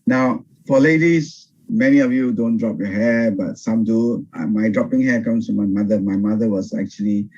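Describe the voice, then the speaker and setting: Older pastor, dull video-call sound. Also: male voice, lowish voice. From Singapore. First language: Teochew. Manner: animated, pauses and restarts often. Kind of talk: Bible study teaching. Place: home over video call.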